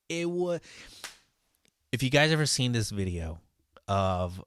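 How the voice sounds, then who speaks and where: A man's voice: mid-range voice, expressive, normal speed, a bit bright, no room sound. Profane venting line cook man. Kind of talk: casual storytelling vlog.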